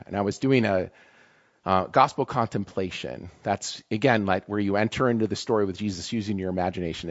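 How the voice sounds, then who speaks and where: A man's voice: lowish voice, muffled recording. A man in campus ministry giving a conversational, emotional sermon, often asking "right?". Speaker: campus ministry staff speaker. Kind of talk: casual sermon talk.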